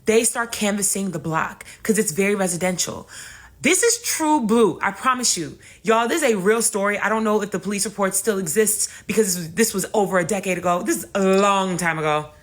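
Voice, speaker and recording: A young woman telling a comedic story in a casual, animated and profane way, speaking straight to her audience. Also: mid-range voice, a little fast.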